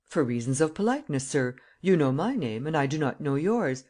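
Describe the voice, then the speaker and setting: An audiobook reader voicing a proud, cool-headed gentleman thief in a prison cell, polite and ironic. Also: medium pitch, very animated, a little fast. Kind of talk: audiobook character reading.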